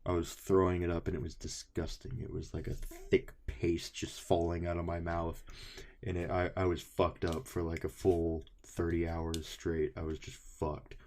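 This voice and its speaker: A young man with a very low voice co-hosts a casual podcast. He tells stories in a loose, animated way and swears freely. He keeps slipping into the voices of the people he quotes. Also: moderate pace. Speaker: podcast co-host. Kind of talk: casual chat.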